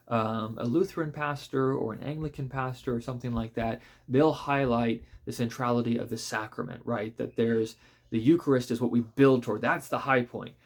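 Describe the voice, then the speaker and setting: Thoughtful pastor talking through a book. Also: male voice, medium pitch, a little mellow. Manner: thoughtful, conversational, many fillers and restarts. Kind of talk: casual spoken book review.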